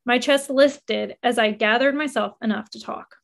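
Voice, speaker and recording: High-voiced woman reading a memoir. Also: moderate pace, vocal fry, hardly any pauses. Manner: expressive, rising with emotion. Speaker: memoir narrator. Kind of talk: first-person memoir narration.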